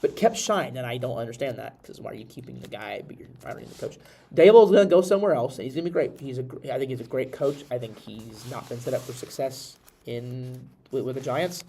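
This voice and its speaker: A man's voice: mid-range voice, a little fast, vocal fry, a little hiss or hum. A congested, slightly nasal man hosting a podcast, chatting casually about football with many restarts. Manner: rambling, animated, many restarts. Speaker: podcast host. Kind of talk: casual sports chat.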